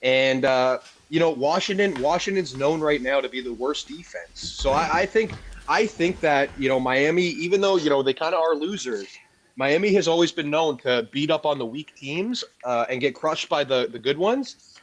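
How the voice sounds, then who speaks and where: A man co-hosting a sports betting podcast in relaxed conversation. He pads his opinions with "uh" and "you know". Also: a little high, moderate pace. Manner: filler-heavy, leans on "you know". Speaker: podcast co-host.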